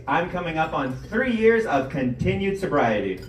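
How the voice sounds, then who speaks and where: A man's voice: a little high, sing-song, moderate pace, roomy sound, far from the mic, background noise. A young man hosting a comedy show and doing stand-up, telling self-deprecating stories with acted-out quotes. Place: comedy club stage.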